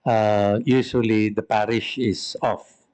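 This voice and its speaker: A man's voice: on the low side, steady tone, takes it slowly, darkish tone. A man with a Filipino accent, a priest giving a storytelling talk with self-mocking humor.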